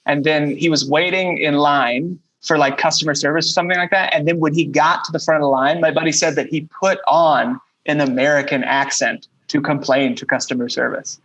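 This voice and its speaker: Easygoing podcast cohost guy, bright tense-ish voice, kinda high. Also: fairly even intonation, brisk, hardly any pauses, highs cut off. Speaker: podcast host. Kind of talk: casual chat.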